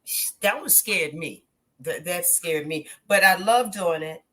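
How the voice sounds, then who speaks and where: Her voice is fairly low and her pace measured as she guests on a podcast, an actress spinning casual stories. She brings the quotes to life animatedly and laughs frequently.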